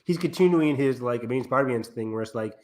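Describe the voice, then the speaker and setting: An enthusiastic man in a casual film-review chat who fills his sentences with "like" and gushes over scenes. His voice is average in pitch for a man. He comes across as an eager fan. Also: quick pace. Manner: animated, piles on "like", full of fan enthusiasm. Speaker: podcast co-host.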